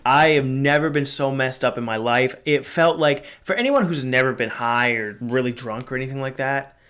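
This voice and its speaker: A man's voice: medium pitch, moderate pace, a bit bright, clear, resonant tone. Profane, rambling young man podcaster. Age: 20s. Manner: profane, rambling, with many fillers and restarts. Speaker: podcast host. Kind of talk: casual storytelling monologue.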